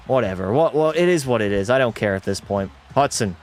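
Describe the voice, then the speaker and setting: A man's voice: medium pitch, lively intonation, a little fast, faint music behind. A young man streaming a hockey video game, commenting live and talking to his chat while ranting in frustration and swearing at the game. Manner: talks to chat.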